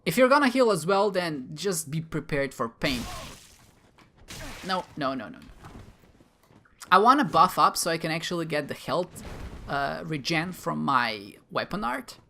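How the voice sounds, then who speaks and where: A man's voice: on the high side, big pitch swings, a little slow, creaky, pauses often, pushed and bright, slight background noise. A man giving playful, self-mocking commentary as he plays a game, talking back to enemies. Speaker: gamer, video host. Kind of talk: live gameplay commentary.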